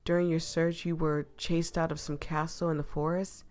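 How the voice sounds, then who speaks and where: A man's voice: a little high, little pitch movement, normal speed, darkish tone, natural voice. A woman voicing a hesitant young man who stammers out his questions. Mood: puzzled. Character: flustered young man with amnesia.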